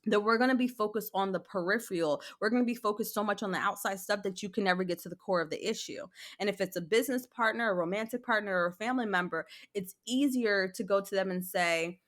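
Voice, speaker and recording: A woman guest psychologist explaining ideas step by step in a conversational interview, animated when acting out examples. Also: medium pitch, quick pace, few pauses. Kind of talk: conversational advice.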